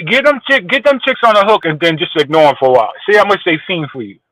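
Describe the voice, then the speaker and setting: A man's voice: high-pitched, big pitch swings, fast talker, bright, forceful tone, poor audio. A man chatting casually, brash and profane, boasting as he tells stories. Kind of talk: crude casual chat.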